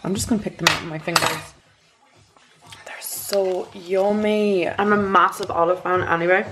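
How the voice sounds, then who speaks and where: A woman rambles through a casual home vlog, her voice sitting a little low. She chats freely and now and then drops into whispered asides. Soft music plays faintly behind her. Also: fairly even intonation, normal speed. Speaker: beauty vlogger. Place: spare room at home.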